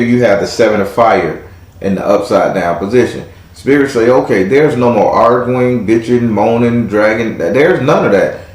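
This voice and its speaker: A man's voice: medium pitch, roomy sound. A man hosting a live tarot reading with a caller, talking in a playful, teasing way with casual slang. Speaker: tarot reader and host.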